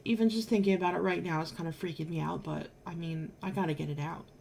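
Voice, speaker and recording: A woman's voice: on the low side, fairly even intonation, fast talker, vocal fry, darkish tone, a little hiss or hum. A married woman vlogger telling a personal story to camera in an emphatic, exasperated way, now and then swearing. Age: adult, married.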